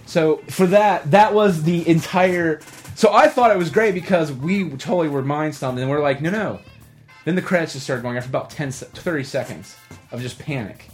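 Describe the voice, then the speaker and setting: A man hosting a casual podcast, talking in a rambling, animated way with many restarts. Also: fairly high pitch, moderate pace, faint music behind. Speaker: podcast host.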